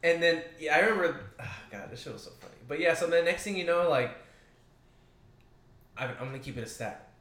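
Bright-voiced young man, laughing and swearing. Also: on the high side, animated, a little fast, long pauses, roomy sound. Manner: laughing, profane, loud impressions. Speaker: friend in conversation. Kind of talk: casual chat among friends.

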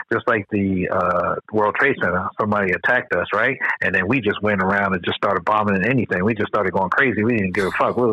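An American man co-hosting a podcast, chatting casually, animated and slangy with lots of swearing. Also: fairly low pitch, brisk, slightly rough, no echo. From United States. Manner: animated, profane, slangy storytelling. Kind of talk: casual chat. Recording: dull, dry, lo-fi sound.

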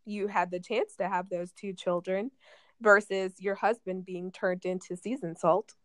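A woman's voice: medium pitch, fairly even intonation, measured pace, no room sound. A woman in casual conversation, rambling and chatty and laughing often. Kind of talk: casual chat.

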